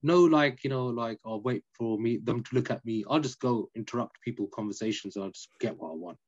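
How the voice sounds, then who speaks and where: Man, podcast guest, storytelling, emphatic and chatty, mid-low voice, lo-fi dull recording. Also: fairly quick. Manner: animated, emphatic, peppered with "innit" and "you know". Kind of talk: casual storytelling chat.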